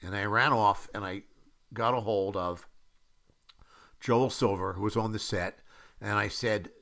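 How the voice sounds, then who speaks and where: An older man in his seventies with a low, bright, forward voice tells behind-the-scenes stories as a screenwriter. He talks the way he remembers things, with plenty of "uh"s and acted-out quotes from the people in his stories. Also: fairly even intonation, measured pace, gravelly. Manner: anecdotal storytelling, with many fillers and acted-out quotes. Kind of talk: film audio commentary.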